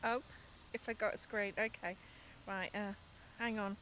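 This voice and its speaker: A middle-aged woman co-hosting a studio chat show, telling stories in a lively way and laughing often. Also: medium pitch, unhurried, slight background noise. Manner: lively storyteller, laughs often, acts out voices. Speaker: TV show co-host and fitness business owner. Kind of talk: chatty anecdote on a studio show.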